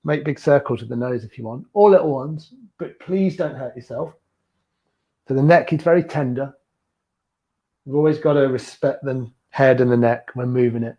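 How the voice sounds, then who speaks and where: A man leading a beginners yoga class with gentle, encouraging step-by-step cues, teaching from a small room at home. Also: medium pitch, moderate pace, highs cut off. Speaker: yoga instructor.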